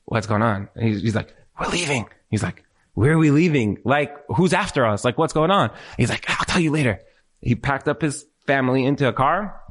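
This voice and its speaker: A man telling anecdotes in a casual, animated way, acting out what people said in shifting voices, with many "like" fillers. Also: medium pitch. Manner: animated storytelling, acts out quotes in other voices; conversational, lots of filler "like".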